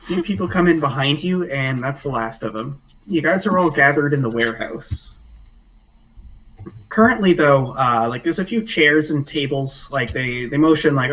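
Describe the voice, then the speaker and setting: A man running a tabletop game as game master, narrating in a relaxed way full of fillers. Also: mid-range voice, normal speed, recorded from a distance, poor audio.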